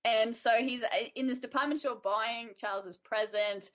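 A woman co-hosting a casual chat, retelling a story in an animated way with frequent giggles. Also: fairly high pitch, normal speed. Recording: dull lo-fi audio.

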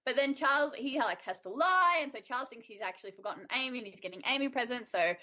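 A woman co-hosting a casual chat, retelling a story in an animated way with frequent giggles. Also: sits high, fast. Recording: dull lo-fi audio.

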